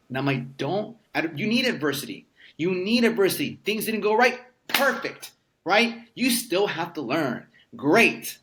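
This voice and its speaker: A man's voice: on the high side, a bit bright. A man in his thirties, a podcast guest in casual conversation, telling stories emphatically and swearing freely. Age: 30s. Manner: emphatic, profane storyteller.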